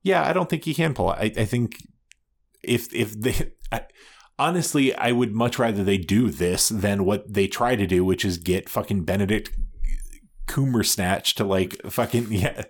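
Man podcast co-host, lowish voice, swears a lot, casual chat, argues his point. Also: moderate pace. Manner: swears freely, restarts sentences, argumentative.

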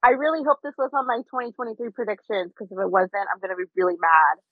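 Female co-host, excitable and lively, tinny phone-like audio. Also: medium pitch, fast talker, no room sound. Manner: excitable, loud exclamations. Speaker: podcast co-host. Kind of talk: casual chat.

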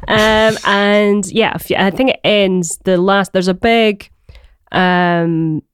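Speaking slowly and steadily in a mid-range voice, a songwriter from Glasgow wanders through a relaxed podcast conversation, often hesitating, saying um, and laughing. His Glaswegian Scottish accent comes through a clear, resonant tone. The sound is dry and of studio quality.

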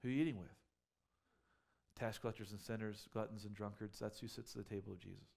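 A man's voice: lowish voice, fairly even intonation, fast, creaky, a little mellow. A man preaching a sermon as a pastor, conversational and full of rhetorical questions, building up to emphatic peaks.

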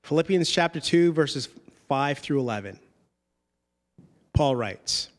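A man's voice: fairly high pitch, animated, slow pace, long pauses. A man, a pastor, gives a sermon in a conversational but emphatic manner. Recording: long hall reverb.

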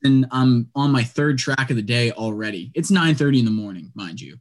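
Young man, casual storyteller, mid-pitched voice, chatty, lots of "like" and "dude". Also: brisk. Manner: animated, chatty, heavy use of "like" and "dude".

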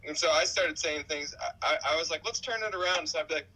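Caller, man, rambling amused storyteller, high and tense tone. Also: quick pace, pushed and bright, husky, rough recording. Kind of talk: telling a story over speakerphone.

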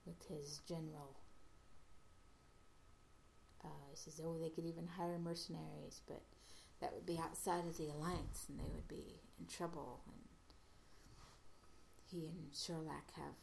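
A woman casually retelling an episode's plot as a podcast host, halting often with fillers and restarts. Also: low-pitched, flat delivery, vocal fry, a little mellow, a little hiss or hum.

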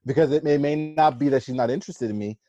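A man co-hosting a podcast, telling stories in casual chat, swearing a lot and animated. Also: mid-range voice, fast, no room sound, muffled recording. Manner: profane, animated storytelling. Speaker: podcast co-host.

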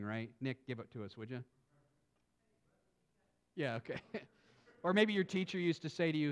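A man's voice: medium pitch, quick pace, clean tone. A man, a pastor preaching a sermon, reading scripture and talking earnestly with asides to the congregation.

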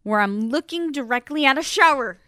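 A young woman co-hosting a podcast, recapping a TV show in casual chat, animated and swearing freely with exasperated asides. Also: high voice, brisk, no echo, studio quality. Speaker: podcast co-host.

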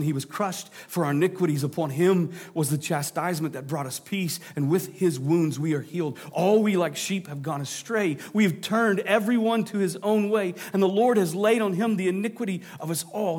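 High-voiced preacher with dramatic hushes. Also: male voice, brisk, hardly any pauses. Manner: dramatic drops to a low hush, then rising emphasis; jokey asides to the congregation. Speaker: pastor. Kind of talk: sermon.

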